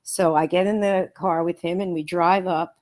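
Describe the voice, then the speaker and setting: A woman with a slightly low voice, sitting in a studio as an interview guest. she tells a long personal story earnestly and with animation, often stopping to restart her sentences before pushing on. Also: steady tone, normal speed, darkish tone. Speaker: guest, author and researcher.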